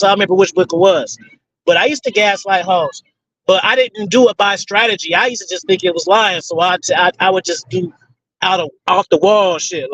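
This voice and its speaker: A man's voice: sits high, a bit bright, no room sound, poor audio. A man hosting a casual question-and-answer session, rambling in profane street slang. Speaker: host answering audience questions. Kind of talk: casual Q and A talk.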